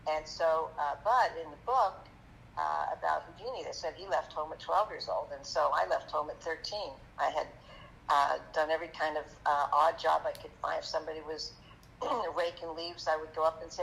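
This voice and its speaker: A woman guest on a podcast, telling her story in a halting, chatty way with many fillers, turning lively when she quotes people. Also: low-pitched, creaky, slight background noise, poor audio. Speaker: magician guest. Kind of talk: conversational storytelling interview.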